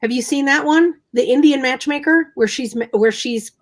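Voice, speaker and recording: A woman's voice: sits high, normal speed. A woman co-hosting a casual chat, telling a story animatedly and repeating phrases for emphasis. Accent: American. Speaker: co-host.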